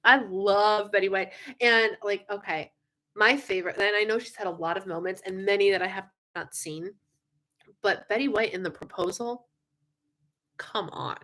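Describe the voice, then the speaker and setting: A young woman hosting a casual live stream, chatting with viewers in an animated way, with lots of fillers and frequent yawns. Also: mid-range voice, normal speed. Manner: chatty, animated, yawning often, many fillers. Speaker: livestream host.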